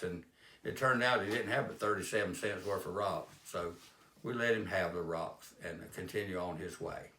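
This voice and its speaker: A man's voice: deep voice, fairly bright tone. Folksy man, roomy echo. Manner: plain-spoken, homespun, rambling anecdotes. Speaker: life-lessons speaker. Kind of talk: folksy storytelling monologue.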